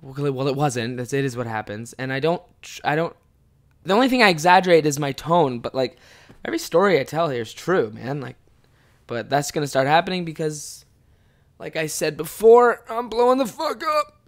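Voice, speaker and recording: A man in his twenties hosting a solo podcast, cursing freely and swinging from mumbled asides to loud outbursts. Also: a little high, lively intonation, normal speed. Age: 20s. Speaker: podcast host and stand-up comic. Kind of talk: casual solo podcast chat.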